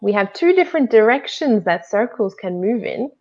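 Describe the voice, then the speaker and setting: A woman from New Zealand with a New Zealand accent, co-hosting a live online English lesson, asking many questions and gently guiding. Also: medium pitch, very animated, moderate pace, highs cut off. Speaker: English teacher co-hosting a livestream.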